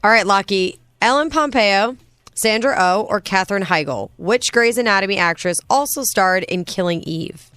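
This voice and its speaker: A woman's voice: medium pitch, animated, normal speed, a bit bright, clean tone. A woman co-hosting a morning radio show, playfully needling her co-hosts from the studio. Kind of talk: casual morning radio banter. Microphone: studio microphone.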